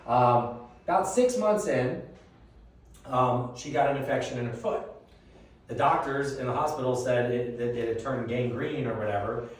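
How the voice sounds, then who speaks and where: A man giving a reverse mortgage seminar, telling a long personal story in a casual, animated way. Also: mid-range voice, moderate pace. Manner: animated, conversational, swears casually. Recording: echoey room from a distant mic.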